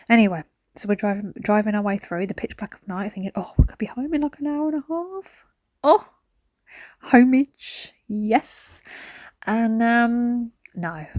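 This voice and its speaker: This cleaning vlogger speaks in a mid-range, slightly mellow voice, chatting her way through the cleaning at home indoors. She rambles between stories and drops sudden whispered asides. The sound is studio quality with no echo.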